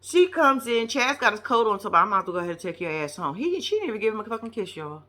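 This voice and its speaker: Speaking fast in a mid-range voice, a woman gives casual commentary recapping a reality TV show. She tells it bluntly and profanely, with animated flair.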